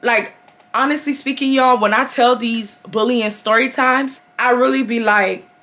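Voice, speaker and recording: Bright-voiced animated young woman storyteller. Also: a little high, a little slow. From Houston, Texas. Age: 20s. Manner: animated, addresses viewers as y'all, heavy slang and swearing. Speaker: storytime vlogger. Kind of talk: casual storytelling to viewers.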